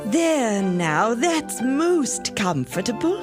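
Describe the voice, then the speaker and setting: A woman's voice: fairly high pitch, big pitch swings, slow. A fussy, naive mother duck. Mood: prim fluttery. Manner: flustered, prim and eager, breaks into song and quacking. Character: fussy, naive female farm duck, proud new mother. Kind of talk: animated musical storybook acting. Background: music.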